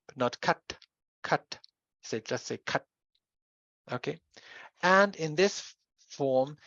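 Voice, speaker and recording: A lecturer giving a university lecture, explaining slowly with pauses and restarts. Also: medium pitch, no room sound, dull audio. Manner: explanatory, with pauses and self-corrections.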